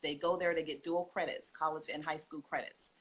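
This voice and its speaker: A woman's voice: deep voice, brisk, slightly rough. A woman, a homeschooling mother telling heartfelt stories as a podcast guest. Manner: heartfelt, tearful, expressive storytelling. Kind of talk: emotional podcast interview.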